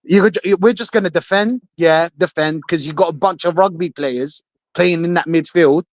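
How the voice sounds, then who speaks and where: High-voiced animated male guest, lo-fi sound. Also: moderate pace, dry recording. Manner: animated, effusive with shout-outs, joking. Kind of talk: casual live podcast chat.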